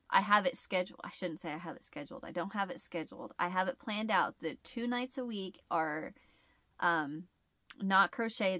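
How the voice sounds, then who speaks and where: A woman's voice: lowish voice, pushed and bright, no room sound. A woman hosting a casual chat, rambling and laughing often, with a stuffed-up nasal sound. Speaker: host.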